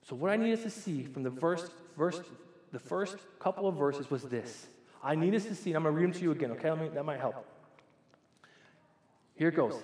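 A man's voice: fairly high pitch, expressive, fairly quick, a little mellow. A man in his forties, a pastor preaching a sermon in a church, talking conversationally and putting questions straight to the congregation. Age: 40s. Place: church sanctuary. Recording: echoey church hall with long reverb.

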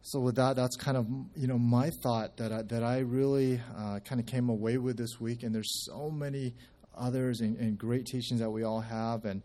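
A man's voice: medium pitch, steady tone, normal speed, mellow. A man giving a casual church testimony, telling a story in a conversational way with many restarts and acting out the quoted speech. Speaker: church member sharing at a service.

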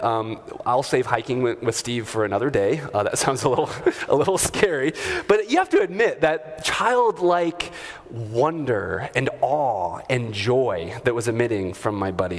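A man preaching a sermon in a church, talking in a relaxed, conversational way with fillers and chuckling asides. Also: mid-range voice. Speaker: pastor. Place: church sanctuary. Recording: long hall reverb.

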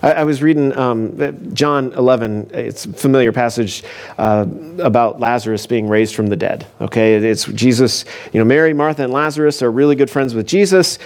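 A man's voice: mid-range voice, moderate pace, a little mellow. A man preaching a conversational sermon as a pastor, telling the story casually with frequent asides and fillers. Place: church.

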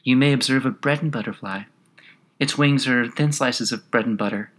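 A man reading a storybook puts on a tiny, melancholy gnat who talks in a soft, sighing, unhurried way. The tone stays bright and clear, with a slightly wistful, careless lilt. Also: medium pitch, lightly acted. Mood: explaining. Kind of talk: audiobook character reading.

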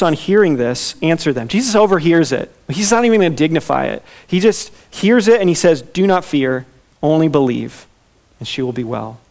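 Earnest preacher, man, slightly high voice. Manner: earnest, slows down and softens when reading scripture. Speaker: pastor. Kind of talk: expository sermon.

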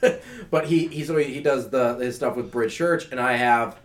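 A man chats casually about sports on a podcast. His voice sits in an ordinary middle pitch, and his talk rambles with fillers and restarts. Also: moderate pace. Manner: rambling, filler-heavy, enthusiastic fan. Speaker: podcast co-host.

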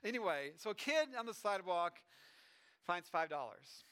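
A middle-aged pastor giving a chatty sermon, with asides and restarts. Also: male voice, high voice, big pitch swings, moderate pace, fairly bright tone, smooth. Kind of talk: conversational sermon.

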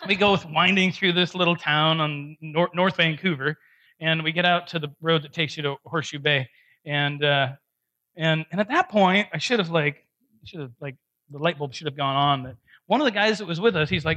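A man with a fairly high, bright, forceful voice gives a conversational sermon. He tells a personal story with animated, self-deprecating humor and laughs often as he goes. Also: normal speed. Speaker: pastor.

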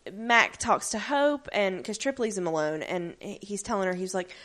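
A woman's voice: mid-range voice, normal speed, hardly any pauses. Chatty woman recapping a show. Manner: animated, acts out characters' lines mid-story; swears casually, many fillers. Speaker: podcast co-host. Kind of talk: casual recap chat.

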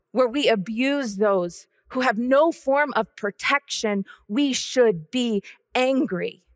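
Woman preacher, slightly high voice, very slow and deliberate, dry close sound. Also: no room sound. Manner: measured, solemn, repetitive cadence. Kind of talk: sermon.

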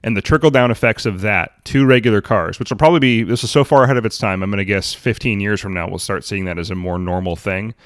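A man with a low voice shares measured, opinionated takes in a casual car podcast chat. The sound is dry and close, with no room echo. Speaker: podcast co-host.

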